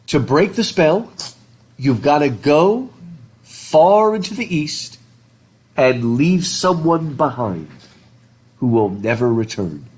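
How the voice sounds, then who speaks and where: A middle-aged American man lecturing in a classroom, animated, reading passages aloud and joking with his students. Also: medium pitch, breathy edge. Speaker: literature professor.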